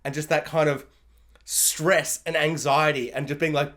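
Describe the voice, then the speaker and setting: Gushing male TV reviewer, higher voice. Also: little pitch movement, normal speed, fairly bright tone. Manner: gushing, rambling, lots of fillers. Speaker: TV review vlogger. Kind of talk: casual spoken episode review.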